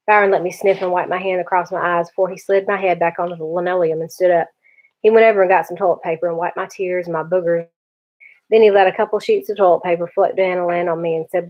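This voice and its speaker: A woman teacher reading a novel aloud to her class in a steady storytelling manner. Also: lowish voice, fast. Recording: dull lo-fi recording.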